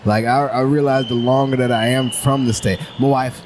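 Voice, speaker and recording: Animated, laughing male comedian. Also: medium pitch, moderate pace, background noise. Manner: animated, laughs often, acts out his own inner voice; rambling with frequent restarts. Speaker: stand-up comedian guest. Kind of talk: casual podcast conversation.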